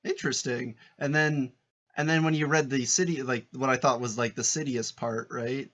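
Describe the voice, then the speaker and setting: A man co-hosting a podcast, chatting casually with excitable, animated reactions. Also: mid-range voice, normal speed. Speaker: podcast co-host. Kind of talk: casual chat.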